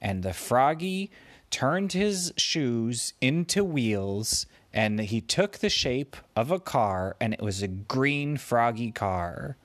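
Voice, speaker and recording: Man telling an improvised bedtime story, unhurried, lively lilt, dry close mic. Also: mid-range voice, dry recording. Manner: meandering, gently playful.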